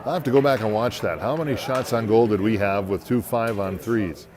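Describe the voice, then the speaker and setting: A man's voice: on the low side, fairly quick, a little mellow. Folksy man calling a youth hockey game. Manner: folksy, joking, easygoing. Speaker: hockey play-by-play commentator. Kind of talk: live amateur hockey commentary.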